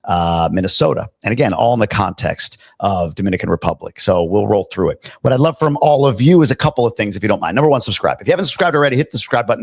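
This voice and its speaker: A man's voice: medium pitch, no room sound, clean studio sound. A middle-aged man hosting a casual live stream, chatting loosely, reading out viewer comments and tossing in jokey asides. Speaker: livestream host.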